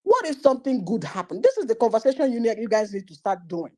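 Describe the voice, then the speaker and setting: A woman hosts a live audio-room talk, her voice mellow and soft-edged. She argues persuasively, driving her points home with rapid rhetorical questions. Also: a little high, sing-song. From Nigeria. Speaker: host.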